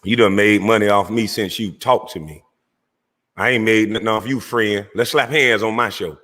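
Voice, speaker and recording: A man's voice: lowish voice, fairly even intonation, moderate pace, a bit bright, in a large hall. A man hosting his own livestream, delivering a heated, mocking call-out aimed straight at a rival. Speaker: livestream host. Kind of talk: confrontational call-out rant.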